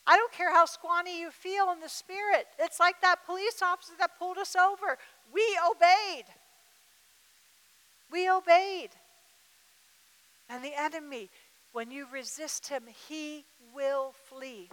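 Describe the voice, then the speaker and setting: A woman's voice: very high-pitched, fairly even intonation, normal speed, bright, forceful tone. A woman preaching a sermon with emphatic repetition, acting out what to say back. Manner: emphatic, repeats words, acts out dialogue. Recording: reverberant hall.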